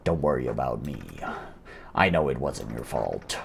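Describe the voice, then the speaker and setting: A man voicing a grieving, weary older father figure in a hushed, low tone. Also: animated, normal speed, creaky, slight background noise, full character voice. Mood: grim.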